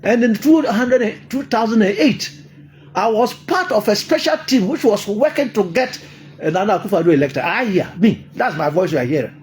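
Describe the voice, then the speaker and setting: A man's voice: high voice, expressive, normal speed, darkish tone, a little hiss or hum. An older man with a Ghanaian accent, delivering an emphatic political monologue, repeating his points and laughing often. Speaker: political commentator.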